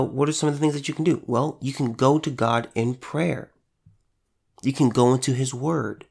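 A man's voice: medium pitch, creaky. A man giving an informal devotional talk in an earnest, conversational way, repeating phrases for emphasis. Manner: earnest, conversational, with repetitions and restarts. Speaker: preacher.

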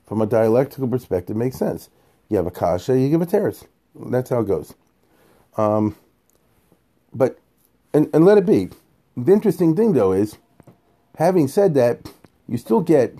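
A man giving an informal Torah lecture in a lively, conversational way, mixing in Hebrew and Yiddish terms. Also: medium pitch, breathy edge. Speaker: Torah teacher.

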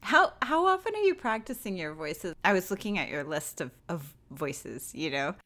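A woman's voice: lowish voice, very animated, moderate pace, sharp tone. A woman interviewing a guest in a casual chat, thoughtful and searching for words as she asks her questions.

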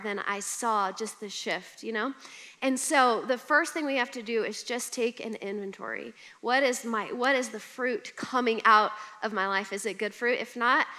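Young woman preacher, bright kinda high voice, casual funny storytelling sermon. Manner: conversational storytelling with humor and laughter.

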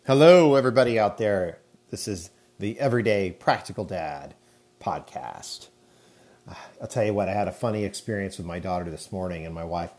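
A man's voice: deep voice, moderate pace, a little mellow. A man in his thirties hosting his own podcast, chatting casually and rambling with lots of fillers. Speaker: podcast host. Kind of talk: casual solo podcast talk.

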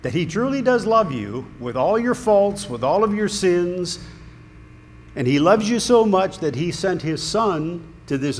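A man preaching a sermon in a conversational, earnest way, with small restarts. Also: a little high. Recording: long hall reverb, faint room noise.

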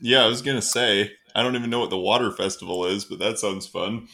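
A man with a low voice and a bright, forceful edge co-hosts a casual podcast. He jokes at his own expense and laughs easily. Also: fast, vocal fry. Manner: joking, self-deprecating, laughs often. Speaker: podcast co-host.

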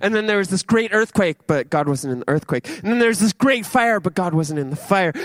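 A man's voice: high-pitched, animated, brisk, few pauses, fairly bright tone, dry recording. A young man preaching a sermon, dramatic, acting out voices and dropping to a near whisper.

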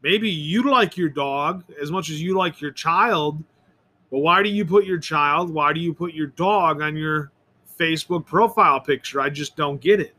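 A podcast host gives a rambling, opinionated solo monologue at a moderate pace, his voice high for a man. He frequently stumbles over words and doubles back on himself, keeping a bright, sharp tone all the way through.

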